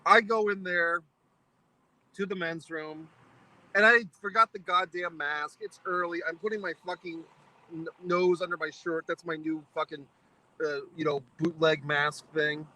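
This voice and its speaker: A man's voice: a little high, fairly even intonation, a little slow, sharp tone, low-quality recording. A man vlogging a foul-mouthed, exasperated anecdote, mock-philosophical as he spells out its lessons. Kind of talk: profane ranting anecdote to camera.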